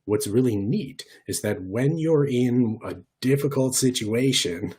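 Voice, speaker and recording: A man giving an online workshop lesson in a lively, conversational way, often demonstrating voice shifts. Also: fairly low pitch, slightly rough. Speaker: workshop presenter.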